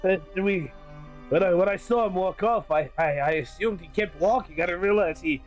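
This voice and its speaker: A man's voice: high voice, moderate pace, soft background music. A man playing a tabletop game, joking and laughing often in casual chat. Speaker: player.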